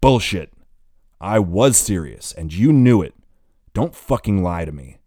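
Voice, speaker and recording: A man's voice: low-pitched, a little slow, dry recording. A man reading the lines of an angry, heartbroken young man who has been drinking and swears bitterly. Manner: bitter, swearing, close to shouting.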